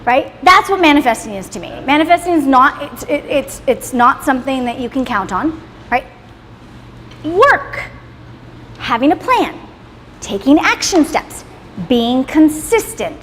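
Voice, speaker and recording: A woman in her thirties leads a motivational class in a salon within a roomy hall, talking emphatically, swearing freely and adding "right?" to her points. Her voice sits high and sounds very animated, a little slow and a bit bright. The room echoes, with faint background noise.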